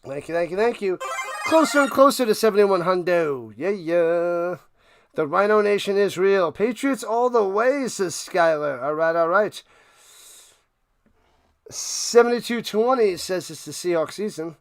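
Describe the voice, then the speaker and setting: A man's voice: high voice, animated, a little slow, no room sound, studio quality. A man hosting a casual live stream, calling football play by play in a playful, hyped way while chatting with viewers. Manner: playful, hyped, talks to chat, sings and riffs.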